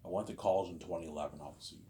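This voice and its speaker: A man's voice: sits low, fairly even intonation, racing, dark tone. A man in his thirties rambling through a casual monologue, repeating himself and tagging lines with filler phrases. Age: 30s. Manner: repetitive, keeps saying "obviously" and "you know what I'm saying". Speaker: vlogger.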